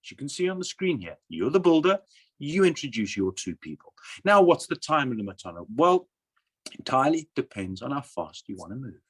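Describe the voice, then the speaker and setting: A man's voice: medium pitch, sing-song, fairly quick, breathy edge. A man with a South African accent giving a persuasive slide presentation, asking and answering his own questions. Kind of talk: sales presentation over slides.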